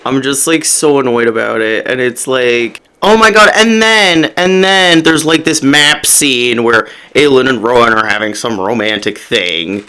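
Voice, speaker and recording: A man's voice: medium pitch, unhurried, few pauses, clean tone. A man co-hosting a podcast, ranting through a casual book discussion with lots of swearing. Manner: ranting, heavy swearing, animated retelling. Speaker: podcast co-host.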